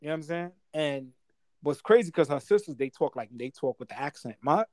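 A man in his forties from Guyana, talking in a slightly high voice. He tells stories in a loose, slangy, animated way and laughs as he goes. The sound is dry and close. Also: a little fast, no room sound. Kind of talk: casual storytelling chat.

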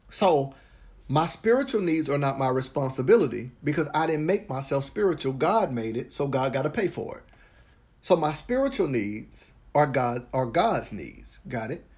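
A pastor preaching in a high, bright voice. He repeats his key lines for emphasis and has the church say a prayer back to him. It comes in rolling sermon cadences. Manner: preachy, repetitive, breaks into laughter and rising excitement; leads the congregation in a call-and-repeat prayer.

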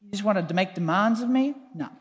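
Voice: mid-range voice, lively intonation, fairly quick, lightly acted. A preacher voicing Jesus as weary, blunt and dismissive in a sermon. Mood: fed up. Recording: long hall reverb.

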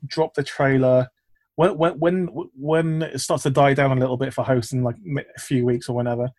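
A man's voice: medium pitch, fairly even intonation, a little fast, darkish tone, dry recording. A man, a filmmaker, chatting casually in an interview, rambling with lots of fillers and restarts. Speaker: filmmaker guest.

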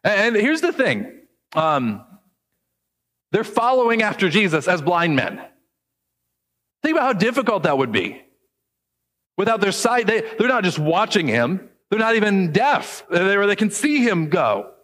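A man preaching a sermon as pastor, conversational, acting out quoted voices and slowing down to read scripture. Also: high voice, very animated, fairly bright tone, big-room sound.

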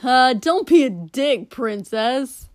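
Brash young man, loud and mocking, a woman reader putting him on. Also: mid-range voice, lively intonation, takes it slowly, no echo, studio quality. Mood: teasing. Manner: loud, teasing, laughing.

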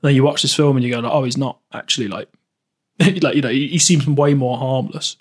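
A man's voice: medium pitch, a little fast. A man co-hosting a podcast, rambling casually about films with lots of laughs and restarts. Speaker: podcast co-host.

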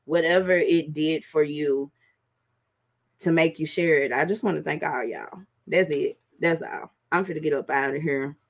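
A middle-aged woman hosting a podcast, talking casually and profanely to her viewers, with drawn-out fillers. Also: low-pitched. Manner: loose, profane, drawling with fillers. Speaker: podcast host.

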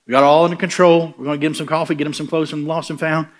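A man playing a flustered church elder who hurries to smooth things over. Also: a little high, level tone, racing, voice pushed up, natural voice. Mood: reassuring. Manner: fussy, reassuring.

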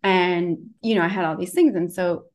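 A woman's voice: on the low side, normal speed, darkish tone. A woman wellness practitioner talking casually and at length, rambling with lots of fillers as she tells a story. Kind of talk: casual conversation.

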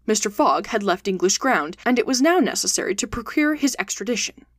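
A woman podcast host reading a classic adventure novel aloud in steady, clear audiobook narration. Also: medium pitch, brisk, no echo, studio quality.

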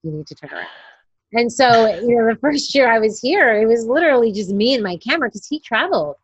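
A woman's voice: fairly high pitch, fast, breathy edge, no room sound, lo-fi sound. A woman in her forties from New York, telling stories in an interview and acting out quoted voices. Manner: animated, acts out quoted voices. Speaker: guest, newborn photographer. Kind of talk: interview storytelling.

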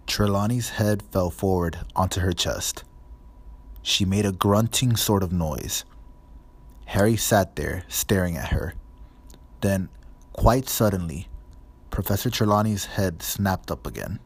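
A man narrating a storybook in a measured, even reading. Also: low-pitched, husky. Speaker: audiobook narrator.

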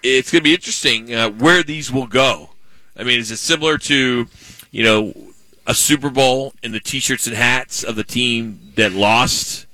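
A man's voice: mid-range voice, moderate pace, pushed and bright, dry recording, rough recording. A man hosting a talk radio show, leading the segments and teasing his co-hosts. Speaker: radio host.

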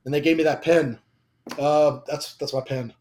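A man's voice: fairly high pitch, fairly even intonation, normal speed, a little mellow. A young man sharing a personal faith testimony in casual conversation, emotional and rambling, with frequent fillers and restarts. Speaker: guest.

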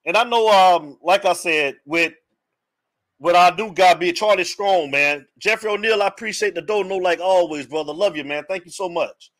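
A man with a noticeably high voice hosts a live-streamed sports podcast. He keeps it casual and hyped, shouting out viewers in the chat by name and circling back to the same questions again and again. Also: normal speed. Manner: hypes and greets chat viewers by name, repeats phrases. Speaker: podcast host.

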